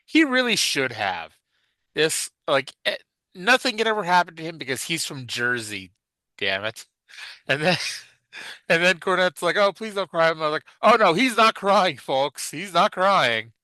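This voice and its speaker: Bright-voiced joking podcast host, a man. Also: mid-range voice, clean tone, dry recording, low-quality recording. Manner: joking, swears freely, laughs often. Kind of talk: casual chat.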